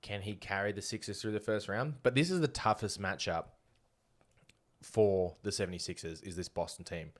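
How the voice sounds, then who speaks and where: A man's voice: lowish voice, normal speed. An Australian man co-hosting a podcast, chatting casually about basketball and confidently making bold predictions. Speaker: podcast co-host. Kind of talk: casual sports chat.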